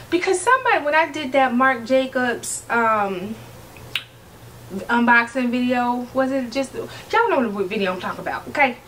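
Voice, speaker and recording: Woman vlogger, 30s; chatty, sassy, quick to laugh; slightly distant mic. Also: fairly high pitch, expressive, fairly bright tone, a little hiss or hum. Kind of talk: casual chat to camera.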